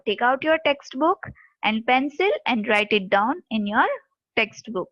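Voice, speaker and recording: A woman with a high voice teaches a grammar lesson, explaining step by step and spelling words out letter by letter. The recording is dry and dull, like lo-fi audio. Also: animated, a little slow, fairly bright tone, no room sound.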